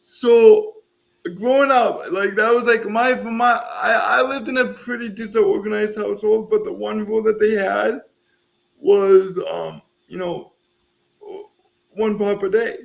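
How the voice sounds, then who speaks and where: High-pitched Midwestern man, gravelly. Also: fairly even intonation, a little slow. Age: 30s. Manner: rambling, self-deprecating. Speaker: podcast co-host. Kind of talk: casual chat.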